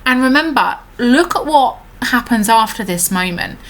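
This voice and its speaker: A woman's voice: on the high side, expressive, fairly bright tone. Teacher woman explaining a poem. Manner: explains step by step, many fillers, reads lines slowly. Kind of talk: recorded lesson on a poem.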